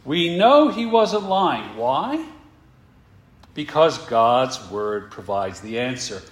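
Male preacher with a lively rising and falling voice, unhurried, echoing sanctuary, asks the room questions. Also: mid-range voice. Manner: rhetorical questions, emphatic, slows down for stress. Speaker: pastor. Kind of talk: sermon.

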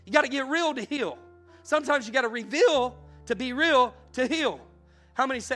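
A male pastor preaching a sermon that moves from casual storytelling to loud, fervent prayer in a packed church. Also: extremely high pitch, a little fast, faint music behind. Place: church room packed with people.

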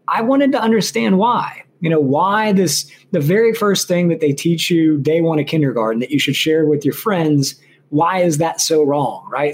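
A male lawyer in his thirties, speaking as an interview guest. His voice sits slightly high and has a husky edge. He tells his story loosely and with energy, full of fillers and restarts. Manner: chatty, animated, frequent fillers and restarts. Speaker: intellectual property lawyer and guest.

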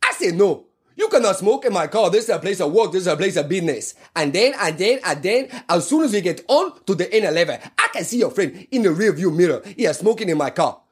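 A man's voice: sits high, sing-song, fast talker, slightly rough, voice pushed up, full character voice. A man voicing a brusque Nigerian taxi driver who lectures his passengers, in a Nigerian pidgin English accent. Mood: scolding. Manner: stern, lecturing, exasperated.

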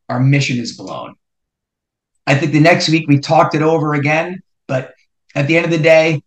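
Animated middle-aged storyteller man. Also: on the high side. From New Jersey. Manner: animated, builds suspense with repeated rhetorical questions. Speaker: podcast host. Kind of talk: personal storytelling. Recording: roomy echo.

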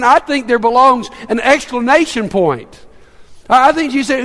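Male pastor, very high pitch, earnest sermon delivery with stuttered restarts, big reverberant hall. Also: expressive, normal speed, a bit bright. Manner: earnest, with stammered repetitions. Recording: long reverb in a large hall.

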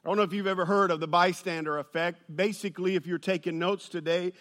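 A man preaching a sermon, telling a funny personal story and building to loud, excited peaks. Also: high voice, fast talker. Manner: storytelling with humor, rises to shouting. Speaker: pastor.

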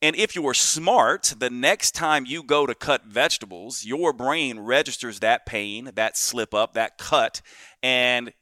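Guy with a bright punchy voice doing a solo podcast, explains stuff with everyday stories, keeps saying right?, dry close mic. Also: mid-range voice, unhurried, dry recording. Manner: explains with vivid everyday anecdotes, often asking "right?". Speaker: podcast host.

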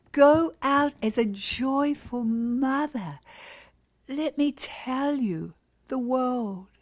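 An emphatic woman gives a devotional talk to mothers, exhorting them and acting out cheerful replies. Her pitch leaps and falls with great liveliness. She speaks slowly, letting each phrase land. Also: a little mellow.

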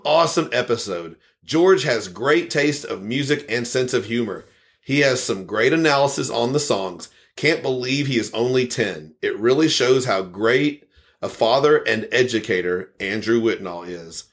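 A man hosting a podcast, reading listener comments aloud in a casual, rambling way and chuckling often. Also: medium pitch. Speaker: podcast host.

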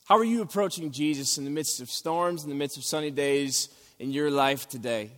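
Male pastor, fairly high voice, long church echo, sermon delivery. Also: normal speed, a bit bright. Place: church sanctuary.

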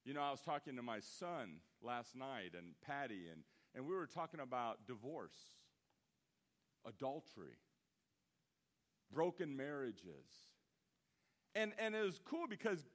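Animated man in his fifties preaching. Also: fairly high pitch. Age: 50s. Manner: animated storytelling, swinging from loud emphatic bursts to hushed asides. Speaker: pastor. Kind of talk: sermon.

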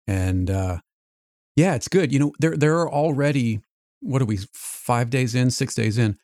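A man's voice: medium pitch, a little slow, a little mellow, dry recording, clean studio sound. A man hosting a podcast, introducing the episode and chatting in an easygoing, reflective way. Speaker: podcast host. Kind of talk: casual chat.

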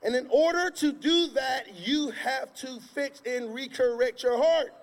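A male pastor preaching a sermon from a church stage, emphatic and repetitive, breaking into sudden shouts. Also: very high voice, a little slow, creaky. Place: church stage before a congregation. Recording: long reverb of a large hall.

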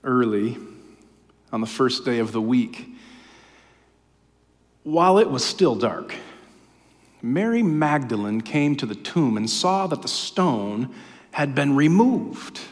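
A male pastor preaching and reading scripture aloud, with dramatic swings between loud emphasis and hushed passages. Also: medium pitch, very animated, takes it slowly, pauses often. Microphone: camera-facing preaching mic. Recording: long hall reverb.

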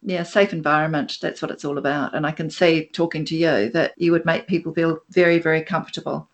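Chatty woman podcast host, lowish voice. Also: steady tone, fairly quick. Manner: chatty, agreeable, asks for confirmation. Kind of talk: casual interview chat.

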